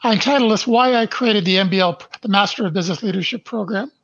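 Older man, slow and emphatic, dull lo-fi audio. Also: high-pitched, creaky, fairly bright tone. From Canada. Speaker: podcast guest. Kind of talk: interview, reading his life story aloud.

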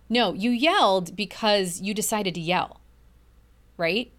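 On her motivational podcast, this middle-aged host talks with earnest emphasis, stretching important words. She has a medium pitch, a fairly bright tone, and speaks at normal speed.

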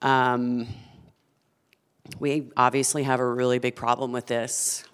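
A woman's voice: rumbling low, little pitch movement, slow pace, clean tone, long reverb tail. A woman who founded a food company, talking earnestly and with passion as a guest in a conversational interview.

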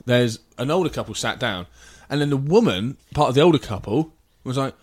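A man's voice: mid-range voice, lively intonation, a little fast. A man from England co-hosting a podcast, telling a story in casual chat, swearing often and mimicking the people he describes. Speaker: podcast co-host.

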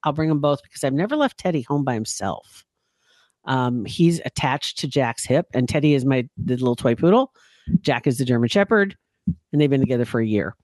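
A man's voice: a little high, no echo. A man co-hosting a podcast, telling a story in casual chat and acting out the scenes as he goes. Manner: animated storyteller, acts out screams. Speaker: podcast co-host.

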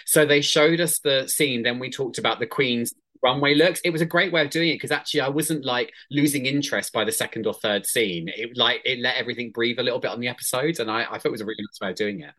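A man's voice: medium pitch, fast talker, few pauses, pushed and bright. A man from England co-hosting a podcast, chatting casually and enthusiastically in long rambling turns. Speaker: podcast co-host. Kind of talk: casual chat.

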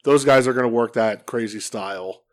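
A man co-hosting a wrestling podcast, chatting loosely with bursts of excitement and frequent swearing. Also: medium pitch, moderate pace. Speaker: podcast co-host. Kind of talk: casual wrestling chat.

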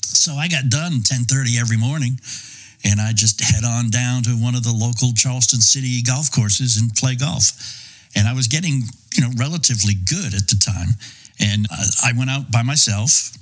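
Husky-voiced middle-aged former radio man. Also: medium pitch, normal speed, rough recording. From Boston and New York. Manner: easygoing, seasoned raconteur. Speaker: podcast guest, former radio host. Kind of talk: casual storytelling.

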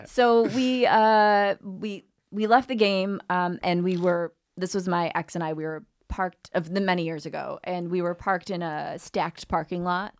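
A woman comedian telling a story on a podcast in a lively, profane way, acting out the people in it. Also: on the low side, unhurried, hardly any pauses. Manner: animated storyteller who swears freely and acts out quoted people. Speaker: guest comedian.

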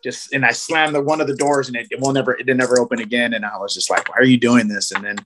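A man from Southern California in casual podcast chat, telling animated fishing stories full of slang. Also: medium pitch, slight background noise. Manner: fast, animated storytelling with slang. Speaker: guest, fishing program organizer.

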